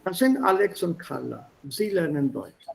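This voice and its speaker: High-voiced man teaching German. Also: very animated, normal speed, gravelly, slight background noise, rough recording. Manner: explanatory, mixes English, German and Hindi. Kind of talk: online language lesson. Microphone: video call.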